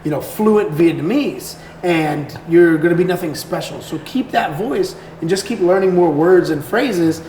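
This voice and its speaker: An American man with a raspy voice, chatting casually as a podcast guest and telling relaxed stories. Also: sits high, measured pace, hardly any pauses. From United States. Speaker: guest content creator. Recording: echoey room with faint noise.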